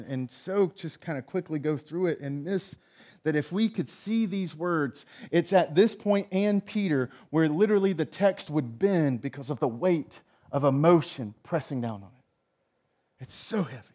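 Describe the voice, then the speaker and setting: A man's voice: a little high, moderate pace, dark tone. A male pastor giving a sermon, retelling a story and acting out the characters' lines. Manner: storytelling, acts out voices in retelling.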